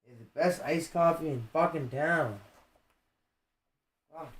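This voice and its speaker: A man's voice: fairly high pitch, takes it slowly, distant mic. A man on a gaming stream ranting angrily with constant swearing in his bedroom. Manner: angry, heavy swearing. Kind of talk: live stream rant. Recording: roomy echo.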